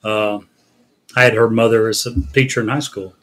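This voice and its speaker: A man's voice: fairly low pitch, level tone, normal speed. A man hosting a casual news podcast, recounting stories in a wry way. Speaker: podcast host.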